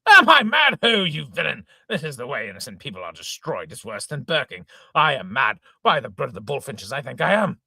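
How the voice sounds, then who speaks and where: Casting: a man playing a fuming old father, bright edgy tone, wildly swooping delivery, husky. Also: mid-range voice, big pitch swings, a little fast, few pauses, dry recording, studio quality, full character voice. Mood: indignant. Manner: sputtering oaths, exclaiming, shouting indignantly. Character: blustering old gentleman father, hot-tempered. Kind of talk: amateur reading of an old stage farce.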